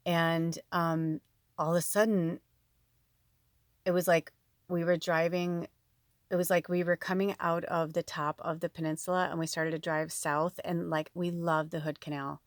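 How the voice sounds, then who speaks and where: A woman's voice: fairly low pitch, little pitch movement, moderate pace, no room sound, studio quality. A woman telling a personal story to her viewers in a chatty, emotional way, full of quoted dialogue. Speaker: tarot reader and spiritual medium. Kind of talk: casual storytelling to camera.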